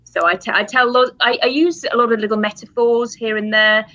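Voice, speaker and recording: A woman's voice: fairly high pitch, steady tone, brisk, bright, forceful tone, muffled recording. A British woman, a hypnotherapist guest, talking casually, chatty with frequent laughs and restarts. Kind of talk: casual chat.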